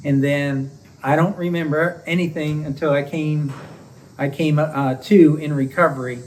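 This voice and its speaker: A middle-aged man speaks in a relaxed, joking way, with a chuckle now and then. His voice sits a touch higher than most men's. He sounds a little distant from the mic, with a faint hiss behind him. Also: measured pace. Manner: easygoing, joking, chuckles between phrases. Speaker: homestead channel co-host. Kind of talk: casual recovery story vlog.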